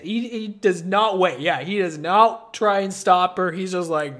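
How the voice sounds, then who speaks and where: A man co-hosting a casual film review chat, animated and laughing often. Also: sits high, moderate pace, hardly any pauses. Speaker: podcast co-host.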